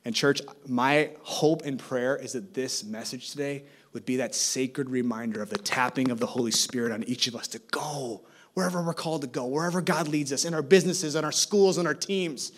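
In a church service, a man who speaks for a campus ministry delivers a sermon full of stories, growing animated and finally rising to an urgent exhortation. His pitch is medium and his pace brisk.

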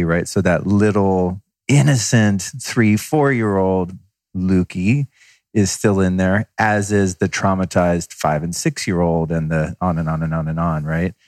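A man's voice: deep voice, a little mellow, dry recording, studio quality. A man in his fifties hosting a podcast, reflective and thinking aloud through analogies in casual talk. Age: 50s. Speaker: podcast host.

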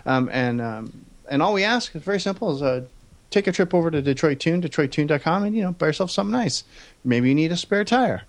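A man's voice: on the high side, expressive, fast talker. A man hosting a car podcast in casual chat, reading sponsor plugs in an upbeat way. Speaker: podcast host.

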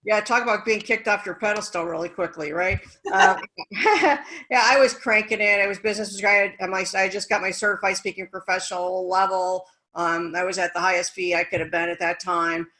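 A woman speaker and business coach telling her story as an interview guest, energetic and animated, acting out the dialogue she quotes. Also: medium pitch, normal speed, rough recording. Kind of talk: conversational storytelling.

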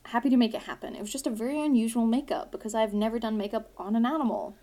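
A woman's voice: fairly high pitch, fast talker. A British woman co-hosting a podcast, telling rambling stories in casual chat and swearing freely. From Britain. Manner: animated, swearing storyteller. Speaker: podcast co-host.

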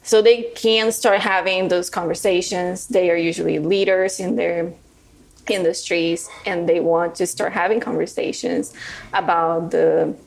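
A woman's voice: on the low side, flat delivery, a little slow, gravelly. A woman guest on a podcast, explaining her work in an earnest, step-by-step way. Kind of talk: casual interview chat.

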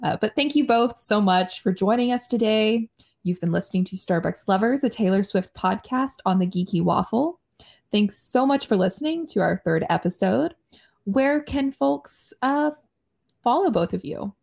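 A woman hosting a podcast, chatting casually in an upbeat, quick way. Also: mid-range voice, expressive, vocal fry, a little mellow. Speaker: podcast host.

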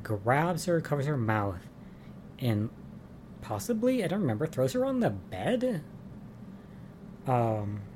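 A man's voice: medium pitch, darkish tone, a little hiss or hum. A man giving a casual, chatty recap of soap opera episodes, with lots of "um" and "like" and amused asides.

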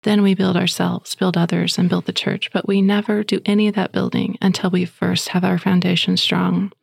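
Woman podcast host, faith show, some vocal fry, dry close mic, chatty storyteller. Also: on the low side, moderate pace, no echo. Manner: chatty, animated storytelling with voiced quotes. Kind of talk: faith podcast monologue with prayer and stories.

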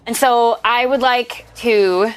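A woman playing a tabletop game, talking in an excitable, hesitant way. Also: a little high, takes it slowly, clear, resonant tone. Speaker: player.

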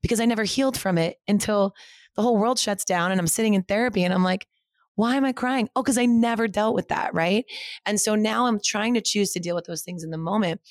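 A woman in her thirties, a guest on an interview podcast, telling a personal story in a rushed, casual way, full of 'like' and 'right?'. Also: medium pitch, no echo, clean studio sound. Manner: rushing, heavy use of 'like'. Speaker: interview guest, studio co-founder.

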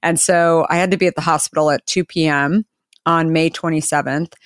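A woman who founded a company, telling an anecdote as an interview guest and acting out the quoted dialogue with lively shifts of voice. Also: deep voice, a little fast, no echo, studio quality. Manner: animated, acts out quoted dialogue. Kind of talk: anecdotal storytelling in conversation.

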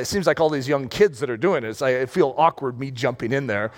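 Animated, high-voiced preacher man. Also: quick pace. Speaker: pastor. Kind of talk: sermon. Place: room with rows of chairs.

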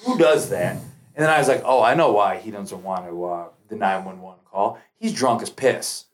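A man's voice: fairly low pitch, moderate pace. A man, a podcast guest telling a long story casually, with lots of swearing and acted-out quotes. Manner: profane, animated, acts out quoted lines.

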